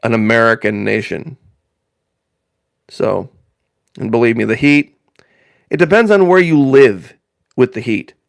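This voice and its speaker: A man's voice: medium pitch, a little slow, vocal fry, long pauses, no room sound. Man, from northern Indiana, live-stream host, casual rambling chat, repeats himself for emphasis, mid-range voice, dry sound.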